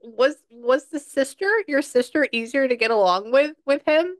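A woman's voice: high-pitched, moderate pace, no room sound. A woman working as a psychic medium in a casual session, chatting and passing on quotes in a conversational way.

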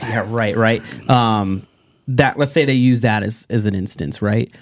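A man hosting a local talk show, talking casually with a relaxed, sometimes sarcastic manner and frequent laughter. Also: fairly low pitch, unhurried. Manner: easygoing, laughs often, sarcastic asides. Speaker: host.

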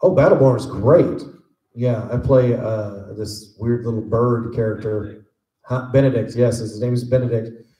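A man answering fan questions on a convention panel, relaxed and jokey, rambling through stories. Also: medium pitch, unhurried. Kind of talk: casual storytelling Q&A. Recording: echoey convention room.

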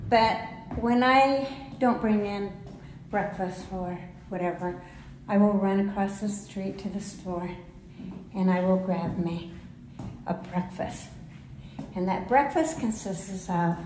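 A woman vlogger talking casually while climbing stairs, out of breath, with frequent pauses and small laughs. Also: medium pitch, a little mellow, roomy sound, slight background noise, rough recording. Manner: chatty, pauses often, laughs between phrases. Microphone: handheld camera.

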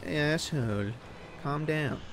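A man's voice: on the high side, takes it slowly, slight background noise. A man giving casual let's-play commentary, cheering, yelping and scolding game characters as he plays. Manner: excitable, yelps and cheers at the game. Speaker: gaming streamer.

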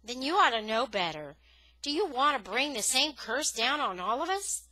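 A woman reading the lines of a gruff village man who questions and reproaches a boy. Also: high-pitched, very animated, moderate pace, bright, forceful tone, dry recording, voice pushed up, full character voice, poor audio. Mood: reproachful.

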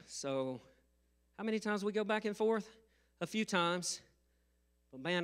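A middle-aged male pastor preaching a sermon, telling a funny story, laughing often and rising to loud, emphatic bursts. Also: high-pitched, expressive, unhurried, pauses often, clean tone. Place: church sanctuary.

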